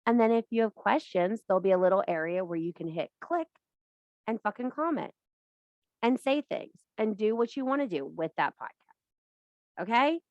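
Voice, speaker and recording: A woman's voice: mid-range voice, expressive, moderate pace, a little mellow, dry recording, highs cut off. A woman giving a casual spiritual pep talk about witchcraft, blunt and profane, hammering points home with repetition. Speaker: witchcraft teacher and live streamer.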